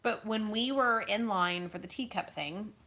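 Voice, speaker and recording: A woman co-hosting a casual family travel chat, chiming in with quick joking asides. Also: mid-range voice, sharp tone. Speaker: podcast co-host.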